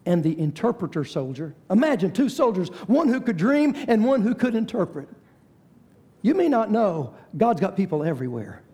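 A man preaching a sermon who retells a story dramatically and shifts between quick asides and slow, hushed lines. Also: sits high, very animated, slightly rough. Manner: dramatic storytelling, varies pace and volume.

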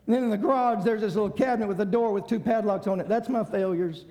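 A man preaching a sermon, swinging between shouted climaxes and hushed passages. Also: high voice, fast talker.

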